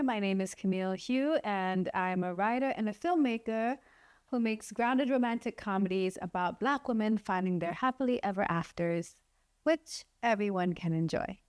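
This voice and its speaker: A woman's voice: mid-range voice, smooth. A woman vlogger and filmmaker giving casual, chatty commentary and laughing often as she talks.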